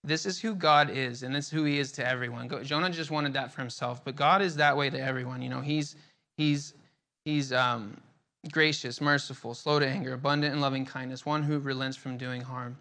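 Bright-voiced man teaching scripture casually. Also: medium pitch, fairly even intonation, fairly quick. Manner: conversational, many fillers and repeated words. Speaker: bible study teacher.

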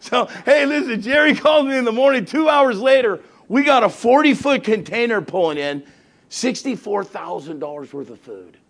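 A man's voice: very high-pitched, normal speed, a bit bright. A middle-aged male pastor telling a story in a sermon, acting out both sides of the conversations and laughing often.

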